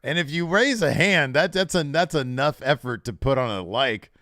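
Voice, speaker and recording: A man co-hosting a live podcast, bantering casually, loud and profane, jokingly berating the audience. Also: fairly high pitch, expressive, normal speed, no room sound, studio quality. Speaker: podcast co-host.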